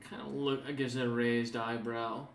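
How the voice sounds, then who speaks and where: A man's voice: mid-range voice, little pitch movement, normal speed, roomy sound, a little hiss or hum. A man narrating as game master of a tabletop game, describing scenes loosely with many fillers.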